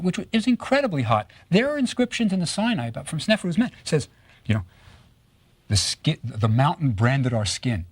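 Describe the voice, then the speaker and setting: A man giving a recorded lecture on Egyptology, telling stories with lively rhetorical questions and frequent tag questions. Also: high-pitched, breathy edge, dry recording. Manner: animated storytelling with rhetorical questions; tags statements with "right?".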